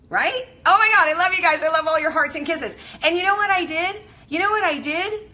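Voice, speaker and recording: A middle-aged woman hosts a motivational live stream in a bright, forward voice. She talks in a casual, effusive way and calls out to her viewers by name. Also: high voice, lively intonation, a little fast, few pauses.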